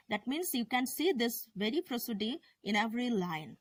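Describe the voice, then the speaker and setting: A woman's voice: a little high, lively intonation, moderate pace, no room sound. A woman teacher explaining a poem to her students, hesitant, often restarting and correcting herself. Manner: hesitant, with fillers and self-corrections. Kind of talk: classroom lesson on a poem.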